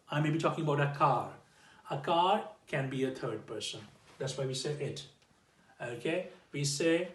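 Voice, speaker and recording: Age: adult. Sex: man. Role: English teacher. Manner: keeps asking "okay?", repetitive. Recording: echoey room, distant mic. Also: on the high side. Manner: checks in with "okay?" after nearly every phrase; slow, repetitive explaining with restarts. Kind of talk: informal grammar lesson.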